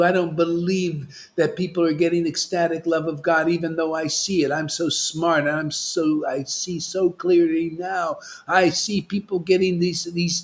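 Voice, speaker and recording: A man mimicking a smug, stubborn male skeptic in a sarcastic, sing-song voice. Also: fairly high pitch.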